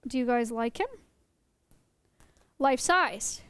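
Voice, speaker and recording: A woman's voice: fairly high pitch, animated, takes it slowly, a bit bright, clean tone, no echo. A young woman teaching her stream chat about animals in a playful, joking way, often laughing. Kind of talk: casual livestream lesson.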